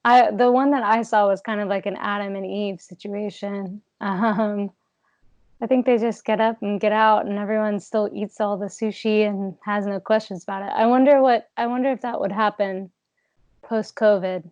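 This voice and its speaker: A woman's voice: medium pitch, fairly even intonation, normal speed, a little mellow, dry recording, lo-fi sound. A woman guest in a casual interview, giggling and musing aloud. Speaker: actress guest. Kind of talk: casual video-call interview.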